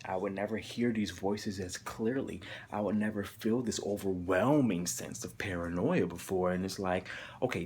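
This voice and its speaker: A man's voice: fairly low pitch, slight background noise. A young man telling a personal story straight to his camera, emphatic and profane, and he repeats words when he gets worked up. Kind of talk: confessional vlog to camera. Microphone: camera mic.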